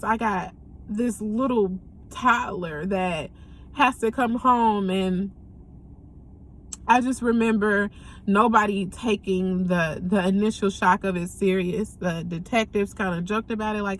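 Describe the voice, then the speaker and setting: A woman's voice: medium pitch, fairly even intonation, slight background noise. Earnest young woman telling her story. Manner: halting, earnest, many pauses and ums. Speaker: vlogger sharing a personal story. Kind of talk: candid personal testimony.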